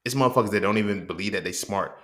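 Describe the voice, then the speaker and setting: A man's voice: on the low side, racing, fairly bright tone. A man hosting a casual monologue, blunt and profane, who keeps checking in with the listener. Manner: blunt and profane, keeps asking "you feel what I'm saying?". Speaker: host. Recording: roomy echo.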